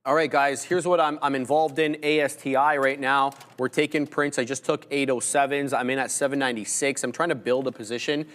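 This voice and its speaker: A man's voice: mid-range voice, steady tone, a little fast, hardly any pauses, fairly bright tone. A man co-hosting a live day trading stream, casually laying out his trade plan step by step.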